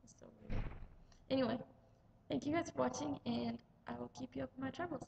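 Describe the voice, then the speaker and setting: Chatty young woman with a gravelly edge. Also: high-pitched, a little fast, dull audio, noisy background. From United States. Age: young adult. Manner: chatty, rambling, lots of "like". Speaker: vlogger. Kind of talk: casual travel vlog storytelling.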